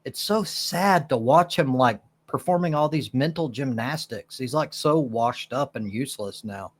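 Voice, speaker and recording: A man's voice: medium pitch, normal speed. A man commenting on a clip in a scornful, profane, casual way. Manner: scornful, laughing. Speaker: reaction video host.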